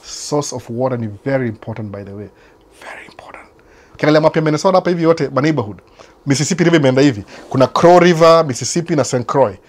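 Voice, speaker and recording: A man's voice: a little high, lively intonation, racing. A man from Kenya with a Kenyan accent, hosting a casual chat that answers viewers, mixing Swahili and English and often repeating his phrases. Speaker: host. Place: United States.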